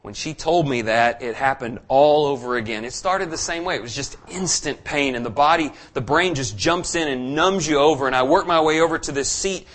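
Earnest preacher. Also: male voice, fairly high pitch, normal speed, hardly any pauses, a bit bright. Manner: earnest storytelling, rising to fervent preaching. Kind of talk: sermon.

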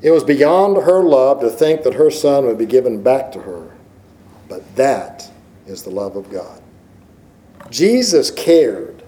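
Warm-voiced preacher man, emphatic. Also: medium pitch, big pitch swings, slow pace, rough recording. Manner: emphatic, rhetorical questions, swings from loud to hushed. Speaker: pastor. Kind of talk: sermon.

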